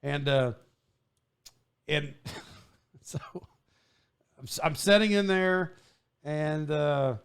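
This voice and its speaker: A man hosting a podcast, telling a story in a casual, animated way with frequent laughs and restarts. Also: a little high, extremely slow, long pauses, smooth. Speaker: podcast host.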